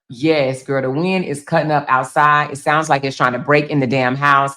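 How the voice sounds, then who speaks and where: A woman's voice: deep voice, a little fast, hardly any pauses, sharp tone. A woman from Chicago hosting a casual livestream from home, reading out chat comments and reacting in an emphatic, chatty way, swearing freely and calling viewers baby and girl. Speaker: blogger and livestream host. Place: home, indoors.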